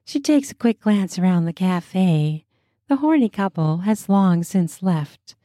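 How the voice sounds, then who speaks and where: Slow, mellow woman narrating a story. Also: on the low side, animated, no room sound, clean studio sound. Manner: slow, soft and intimate. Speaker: storyteller and host.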